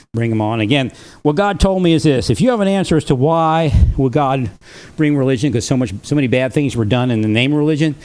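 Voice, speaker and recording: A man with a mid-range, darkish voice talks by himself on his livestream. He rambles from thought to thought, chuckling often in between.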